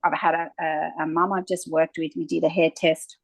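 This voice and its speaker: Gravelly-voiced woman, animated storyteller. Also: sits low, moderate pace, no echo, poor audio. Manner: animated storyteller, acting out quoted exchanges. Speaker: naturopath guest. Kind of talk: conversational interview.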